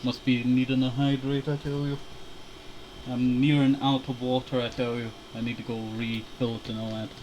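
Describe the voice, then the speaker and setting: A man's voice: medium pitch, flat delivery, moderate pace, a little mellow, slight background noise, rough recording. A young man casually chatting while playing a shooter game, laid-back and rambling, chuckling often. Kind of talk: casual gaming commentary.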